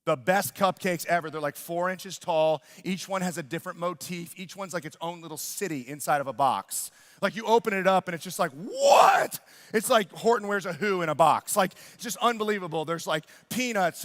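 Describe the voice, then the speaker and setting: A man in his thirties preaching a sermon, telling a family story with lively acted-out voices and sudden loud exclamations. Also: sits high. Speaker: pastor. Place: church sanctuary. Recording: long reverb of a large church hall.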